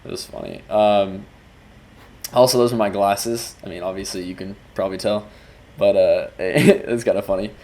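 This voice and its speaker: A man's voice: lowish voice, fairly even intonation, moderate pace, a little mellow. A man, a music video director, talking loosely through a breakdown of his work and restarting his sentences as he goes. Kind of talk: casual video breakdown commentary.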